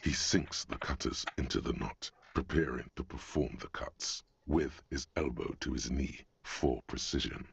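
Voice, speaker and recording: An actor voicing a grave, deep-voiced male narrator of a detective game. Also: unhurried, creaky, few pauses, breathy edge, no echo, exaggerated voice. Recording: muffled game audio, faint hiss.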